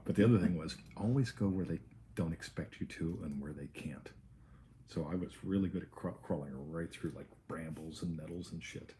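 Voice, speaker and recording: A man from the United States co-hosting a casual chat show, telling animated stories, swearing and acting out other people's voices. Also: extremely low pitch, noisy background. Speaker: podcast co-host.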